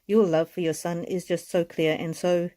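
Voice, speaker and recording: Gentle, tearful woman reading oracle cards. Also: on the low side, flat delivery, moderate pace. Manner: gentle, repetitive, heartfelt. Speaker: oracle card reader. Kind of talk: live card reading.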